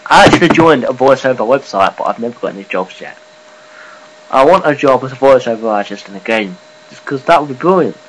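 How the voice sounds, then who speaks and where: A man giving a casual, rambling vlog update, swearing offhandedly and filling pauses. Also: mid-range voice, expressive, poor audio. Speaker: gaming and news vlogger.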